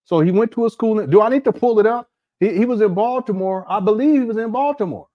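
A man's voice: high-pitched, fast, highs cut off. Joking man chatting while eating. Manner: joking, laughing, mocking asides. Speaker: commentary channel host. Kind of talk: casual reaction commentary.

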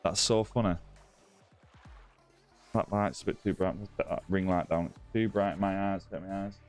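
A man's voice: low-pitched, normal speed, a little mellow, soft background music. A man hosting a live gaming stream, chatting casually with viewers and greeting them by name. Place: indoor room with ring light.

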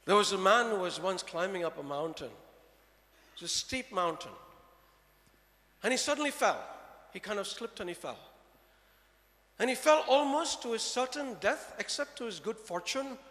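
High, bright-voiced male preacher, lively and questioning, echoey church hall. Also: moderate pace, long pauses. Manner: animated, rhetorical questions to the congregation. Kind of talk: sermon.

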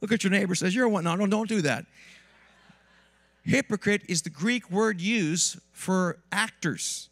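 A man preaching a lively sermon in a church with asides to the congregation, while he has a cold. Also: high-pitched, a little slow. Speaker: pastor. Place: church sanctuary.

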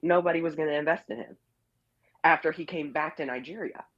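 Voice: mid-range voice, a little fast, a bit bright, dry recording. Blunt opinionated caller on a muffled line. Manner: blunt, opinionated, scolding tone toward cast members. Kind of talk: casual call-in opinion rant. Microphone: phone or online call-in.

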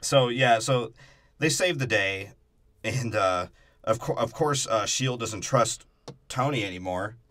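A man co-hosting a podcast, chatting casually and crudely about a movie and mocking its characters in quick put-on voices. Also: mid-range voice, fairly bright tone. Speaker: podcast co-host. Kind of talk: casual movie review chat.

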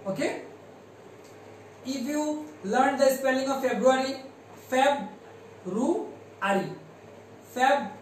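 A man with a Bangladeshi accent teaching English to primary pupils, slowly spelling words letter by letter and drilling their pronunciation. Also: very high-pitched, very echoey, far from the mic, a little hiss or hum, low-quality recording. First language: Bengali. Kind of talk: classroom lesson.

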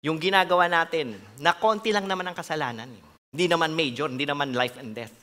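Pastor, male, Filipino accent, fairly high voice, preaching in a church hall with long reverb, casual and joking. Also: fast talker, pushed and bright. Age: adult with a grown son. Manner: mixes English and Tagalog, conversational with jokes. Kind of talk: sermon.

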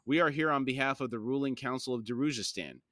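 A man's voice: medium pitch, fast talker, fairly bright tone, no echo, clean studio sound, natural voice. A man reading a stern, formal councillor.

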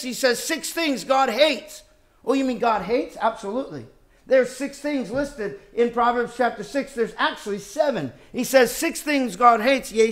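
High-voiced man preaching with emphatic swings. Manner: emphatic, rhetorical questions, swings from loud to quiet. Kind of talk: sermon.

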